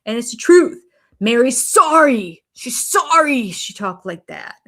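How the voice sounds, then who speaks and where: A woman's voice: high voice, sing-song, a little slow, a bit bright. An older woman hosting a reaction channel, giving chatty, opinionated commentary that wanders into rambling asides.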